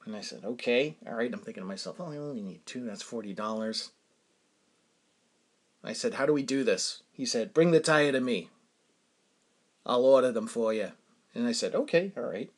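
This podcast host, a New England man, speaks at medium pitch and normal speed, sounding expressive and pausing often. His casual storytelling monologue rambles along, full of self-amusement, with frequent chuckles and muttered asides.

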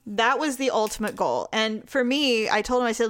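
A woman's voice: mid-range voice, fast, few pauses, fairly bright tone, no echo, clean studio sound. A woman in her late forties, chatting casually and laughing often, self-mocking and talkative. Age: 40s. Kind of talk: casual chat.

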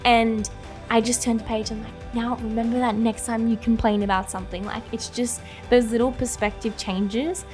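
A woman's voice: a little high, level tone, normal speed, darkish tone, soft background music. Earnest young woman podcasting. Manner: earnest, heartfelt, many "like" and "you know" fillers. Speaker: podcast co-host. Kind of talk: casual faith-based podcast chat.

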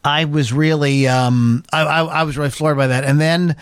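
A man's voice: a little high, fairly even intonation, moderate pace, smooth, dry recording. A middle-aged man, hosting a podcast in casual chat, rambling with many restarts. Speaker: podcast host.

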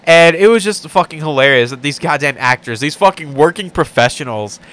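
A young man co-hosting a podcast, telling stories in a profane, laughing, animated way. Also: on the high side, brisk. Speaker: podcast co-host. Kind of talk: casual podcast banter.

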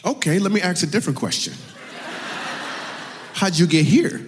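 Comedian, male, lively crowd-work banter; live hall with long reverb. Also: sits high, normal speed, noisy background. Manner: teasing, laughing, playful banter.

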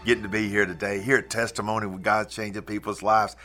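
A man's voice: on the low side, flat delivery, quick pace, over music. A man hosting a Christian trucking program, talking in an earnest, folksy way and leading listeners through a prayer. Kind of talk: prayer and invitation to faith.

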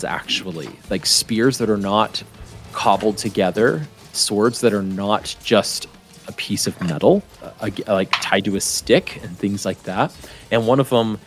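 Man game master narrating casually. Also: on the low side. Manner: casual, many fillers and restarts.

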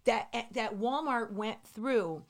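Female co-host, casual and blunt, reacts loudly and swears freely. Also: fairly high pitch, creaky. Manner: 喜 exclamatory, swears, quick reactions. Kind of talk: casual podcast chat.

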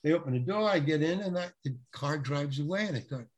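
A man with a husky, slightly breathy voice that sits a little high for a male speaker. He tells a story as an interview guest, lively and animated, often repeating himself and slipping into the voices of the people in his tale. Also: fast talker. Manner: animated, acts out quoted voices, repeats words. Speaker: actor telling a story.

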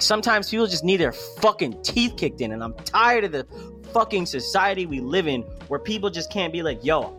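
A man's voice: a little high, a bit bright. A young man co-hosting a podcast, ranting bluntly with lots of swearing. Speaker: podcast co-host. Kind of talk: casual chat.

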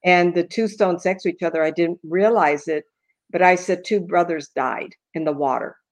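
An older woman in a casual chat, once a cemetery tour guide, explaining things plainly with lively interjections. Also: fairly low pitch, moderate pace.

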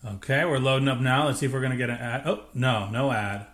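A man co-hosting a podcast, talking casually in a relaxed, rambling way with many hesitations. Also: medium pitch, quick pace. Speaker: podcast co-host. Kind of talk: casual chat.

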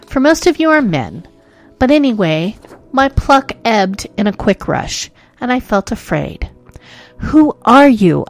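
Woman reading a ghost story. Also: medium pitch. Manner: expressive, shifting between hushed and urgent. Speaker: narrator.

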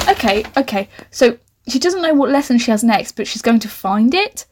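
A woman's voice: a little high, big pitch swings, fairly quick. A young woman hosting a podcast, reading her own old novel aloud with incredulous, sarcastic comic commentary. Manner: incredulous, sarcastic asides with sudden squeals.

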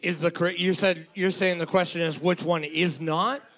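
A man's voice: sits high, fairly even intonation, a bit bright. A man chatting casually during a trivia game, rambling and joking with his co-host. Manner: slow, rambling, counts numbers aloud while scoring. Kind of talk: casual chat.

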